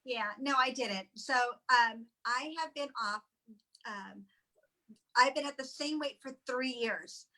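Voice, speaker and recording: A woman sharing an emotional personal testimonial in halting, tearful speech with many restarts. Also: on the high side, pushed and bright, rough recording. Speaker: guest sharing weight-loss story.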